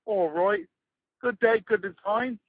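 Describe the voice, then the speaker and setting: A man's voice: extremely high pitch, very animated, slow pace, gravelly, no room sound. Profane British man on a tinny phone line. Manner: profane, blustering. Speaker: caller. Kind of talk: comic rant over the phone.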